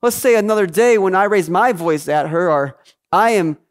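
A man's voice: high voice, moderate pace, clean tone. A male pastor preaching a sermon with energy and emphasis, throwing out rhetorical questions to his church.

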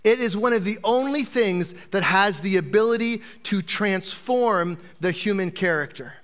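A man's voice: high voice, moderate pace, a bit bright. A man who is an associate pastor, preaching a sermon in a chatty, joking way to a live congregation.

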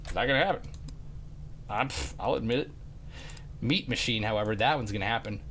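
A man from Mississippi commentating on his gameplay, excitable, yelling and muttering at the game. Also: lowish voice, fairly quick, a little hiss or hum. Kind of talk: let's play commentary.

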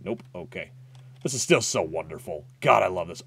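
A man commentating his own playthrough of a retro game, excitable and swearing, yelping and laughing as he plays. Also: low voice, normal speed, gravelly, slightly rough, dry recording. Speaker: gaming YouTuber. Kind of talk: let's play commentary.

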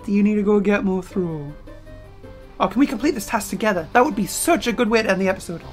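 A woman giving excitable gameplay commentary as a let's player, full of sudden exclamations. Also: medium pitch, fast, faint music behind. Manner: excitable, frequent startled exclamations.

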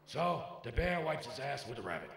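A man impersonating a famous gruff film actor as a short-tempered, swearing stand-up comic in a live club set. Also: mid-range voice, sing-song, a little fast, fairly bright tone, distant mic, slight background noise. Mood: brash. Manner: abrasive, heckler-baiting, swears a lot. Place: comedy club stage. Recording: echoey club with live crowd.

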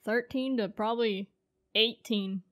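A young woman in her early twenties speaks to her future self in a casual home vlog, her voice sitting a little high. She rambles through her thoughts, laughing often and saying "like" a lot. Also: steady tone, unhurried. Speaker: streamer and content creator.

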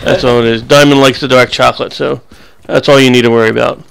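A man's voice: medium pitch, little pitch movement, fast talker, vocal fry, a bit bright, clean tone. A young man giving casual, rambling commentary over his own gameplay, full of crude jokes and banter. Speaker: gaming channel host.

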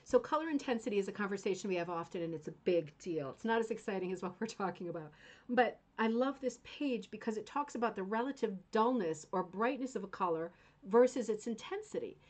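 Woman host, enthusiastic and rambling, casual teaching chat, mid pitch. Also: expressive, brisk. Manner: chatty and rambling, often asks "right?". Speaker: host of a craft club show.

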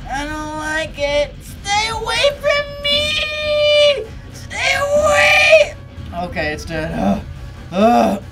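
A let's play gamer giving excitable commentary, often yelping, laughing and swearing at the game. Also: medium pitch. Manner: excitable, yelps and shrieks at the game. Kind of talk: gameplay commentary. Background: game music.

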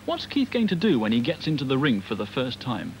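Dry British documentary narrator. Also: male voice, medium pitch, huge pitch swings, brisk, slight background noise, poor audio. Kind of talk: scripted narration.

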